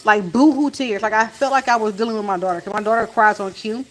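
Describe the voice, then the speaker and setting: A woman in a casual storytime chat, retelling events in an animated way and acting out what was said, while cooking in her home kitchen. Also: medium pitch, fast talker, slight background noise, poor audio. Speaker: family vlogger. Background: faint sizzle of frying food.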